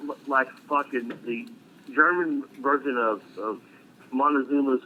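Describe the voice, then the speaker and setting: A middle-aged man swaps war stories in a blunt, profane way with dark humor. His voice sits in an ordinary middle register. It comes through a thin, phone-like line with a faint hiss behind it. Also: mid-range voice, measured pace. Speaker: military veteran guest. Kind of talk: casual storytelling on a live stream.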